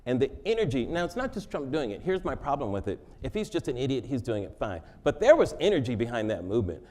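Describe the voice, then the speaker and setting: A man's voice: medium pitch, big pitch swings, fast, darkish tone. A man answering interview questions in a joking, conversational way, laughing often. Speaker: interview guest.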